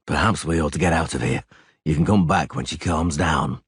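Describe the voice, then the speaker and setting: A man's voice: a bass voice, moderate pace, breathy edge, no echo, voice pushed down, exaggerated voice. A man voicing a terse, weary monster hunter who speaks in clipped, dry lines in an audiobook. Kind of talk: audiobook character voice.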